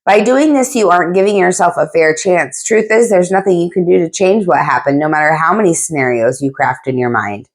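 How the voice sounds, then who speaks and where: A woman's voice: on the low side, expressive, brisk, few pauses. A woman giving a casual tarot reading, talking in a blunt, chatty way with frequent asides and casual swearing. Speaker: tarot reader.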